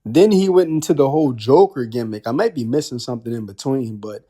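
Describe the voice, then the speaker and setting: A man's voice: medium pitch, brisk, dark tone, husky. Man ranting in disbelief. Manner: incredulous, heavy on rhetorical questions and slang. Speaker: wrestling commentary vlogger. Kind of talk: casual ranting commentary.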